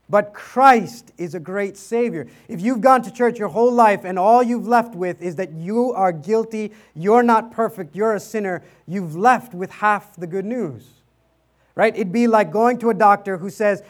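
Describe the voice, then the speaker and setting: A pastor delivering a sermon in a notably high male voice. He speaks rhetorically, checks in with "right?", and reads scripture with dramatic weight. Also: normal speed. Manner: rhetorical, repeats points with "right?"; dramatic reading of scripture and quotes.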